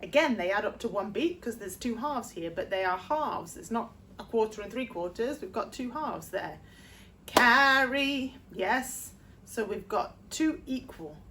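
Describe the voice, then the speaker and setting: A woman's voice: mid-range voice, animated, slight background noise. A woman, a vocal coach explaining sheet-music rhythm step by step and singing short phrases to demonstrate. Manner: explains slowly, sings short demo phrases. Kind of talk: music theory lesson.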